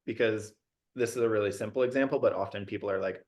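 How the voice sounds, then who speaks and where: A man with a lower voice speaks as a podcast guest who coaches and mediates conflict. He lays out his method in a practical, step-by-step way, pausing on fillers as he goes. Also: darkish tone. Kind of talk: casual podcast conversation.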